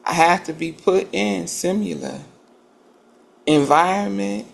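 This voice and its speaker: A woman's voice: on the low side, slow, vocal fry. A woman in a casual group discussion, making earnest points and building up to them with emphasis.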